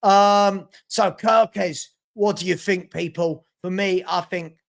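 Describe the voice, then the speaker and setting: London male streamer, high-ish and gravelly, blunt and repetitive, casual live football chat. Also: fairly even intonation, takes it slowly. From South London. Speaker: live show host.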